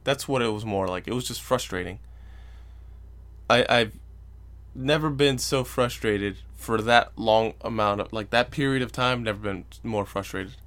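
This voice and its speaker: A young man hosts a solo podcast, ranting casually as he tells a story in an exasperated, profane way and mocks the people he quotes. His voice is lowish and a bit bright, at a normal speed.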